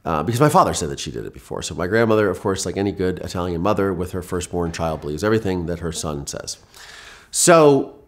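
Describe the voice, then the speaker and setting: A man's voice: deep voice, expressive, fast talker. A man from Ohio earnestly retells a personal story in vivid detail, often restarting his sentences. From Ohio, USA. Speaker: guest.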